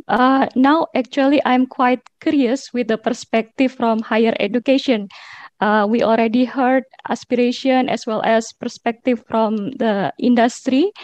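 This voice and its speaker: Female moderator, slightly high voice, courteous and formal, dry muffled sound. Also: a little mellow, no room sound. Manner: polite, formal questioning. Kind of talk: webinar moderation. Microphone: video call.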